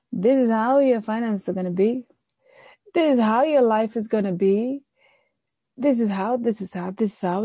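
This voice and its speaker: A woman pastor preaching a sermon, slowing down to stress phrases and mockingly voicing the enemy's taunts. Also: medium pitch, mellow, breathy edge, no room sound, dull audio.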